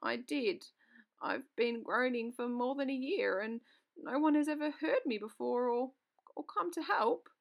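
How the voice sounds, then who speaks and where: A rusted tin man from a storybook, sad and very polite, speaking in halting, stammering bursts, as a woman reading aloud puts him on. The voice sits high with a gravelly edge. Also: lively intonation, exaggerated voice.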